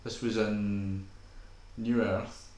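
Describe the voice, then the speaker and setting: A man co-hosting a casual podcast, joking and swearing and acting out quick lines from home. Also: on the low side, flat delivery, darkish tone. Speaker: podcast co-host. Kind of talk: casual chat over a viewing. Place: home room. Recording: echoey room.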